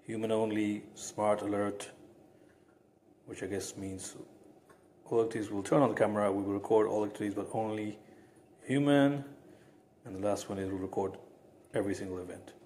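Low-voiced man demoing a gadget. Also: steady tone, moderate pace, pauses often, a little mellow, slight background noise. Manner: chatty, step-by-step explaining. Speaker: product reviewer. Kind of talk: casual product demo.

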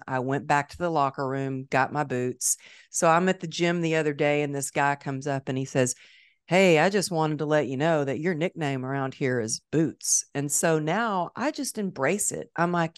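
A woman with a low, smooth and resonant voice talks candidly and upbeat as a podcast guest. The sound is dry and close, with almost no room around it. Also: no echo. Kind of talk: conversational interview. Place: podcast studio.

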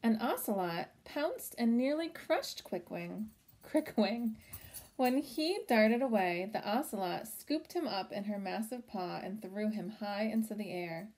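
A woman reads a children's picture book aloud at home in a gentle storytelling voice. She pauses now and then to point out the pictures and ask young listeners what they think will happen. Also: mid-range voice, animated. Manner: gentle, stops to chat about the pictures.

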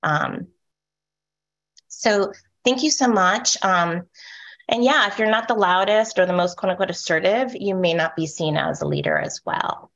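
A woman moderating a panel discussion, speaking softly with a lilt that rises at the end of her sentences and checking in often with "right?". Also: medium pitch, unhurried, dull audio. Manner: soft voice with rising lilt at sentence ends; frequent "um" and "right?" check-ins.

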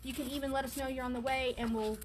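A woman with a high, bright-sitting voice hosts a live shopping stream from her vintage store. She chats her way through each item, calling out numbers and prices. Her voice is fraying as she loses it. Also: fairly even intonation, fast talker, a little hiss or hum. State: losing her voice. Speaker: shop owner selling on a live stream. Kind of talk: live shopping sales pitch.

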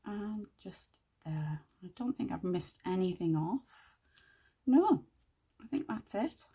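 A woman hosting a casual crafting tutorial, chatting and thinking aloud as she works, with quiet muttered asides to herself. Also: mid-range voice, lively intonation, slow pace, husky. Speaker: craft channel host.

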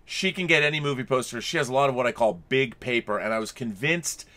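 A man's voice: medium pitch, expressive, fast talker, sharp tone. A man co-hosting a casual chat over wine, who keeps pressing and teasing with the same question. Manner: teasing, insistent, repeats himself. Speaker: podcast co-host.

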